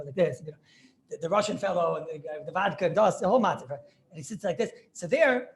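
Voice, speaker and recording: A rabbi with a high voice leads an informal class, chatty and animated, frequently checking that his students are following along.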